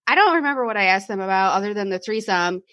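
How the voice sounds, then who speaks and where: Bright, tense-voiced joking woman. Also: mid-range voice, expressive, quick pace, dry recording, dull audio. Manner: vivid, joking embellishment. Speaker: podcast co-host. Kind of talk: casual chat.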